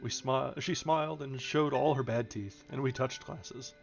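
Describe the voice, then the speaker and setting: A gravelly, mid-range male voice reads a novel aloud at a measured pace on a livestream. The lo-fi audio is dull with faint music behind it, and he sometimes stumbles and corrects himself on foreign names.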